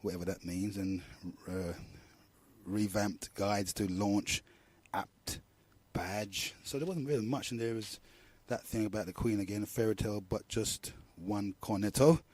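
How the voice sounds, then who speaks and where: Middle-aged London radio host, rambling and slangy, warm low-key tone, dry close sound. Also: male voice, fairly even intonation, a little slow, dry recording. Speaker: radio talk show host. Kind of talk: casual monologue.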